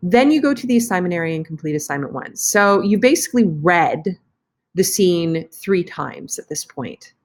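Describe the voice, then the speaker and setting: A woman teacher walks students through an online lesson while recording her screen. Her voice sits a little low, and she keeps it casual and chatty, breaking off to fix a slip as she clicks. It sounds like a computer mic at a desk. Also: very animated, moderate pace.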